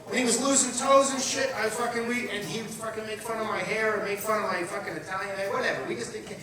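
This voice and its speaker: High-voiced profane stand-up comic. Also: male voice, steady tone, quick pace. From Long Island, New York. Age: 50s. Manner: blunt, profane storytelling with frequent asides. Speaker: stand-up comedian. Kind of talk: stand-up comedy set. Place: comedy club or event room with live audience. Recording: echoey room, captured from far off with crowd noise.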